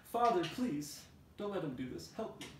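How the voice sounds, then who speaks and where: A little wooden puppet boy , put on by a man, cries out in a shrill, very high voice. It sounds far off in an echoey room, with noise behind it. He pleads desperately. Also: very animated, moderate pace. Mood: pleading. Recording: roomy, distant, noisy room.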